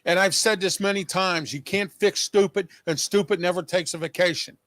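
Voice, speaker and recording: Pitched high and speaking at normal speed, a man with a fairly bright tone hosts his own show and addresses viewers in a personal monologue. He's agitated and emphatic, hammering his points through repetition, with no room sound.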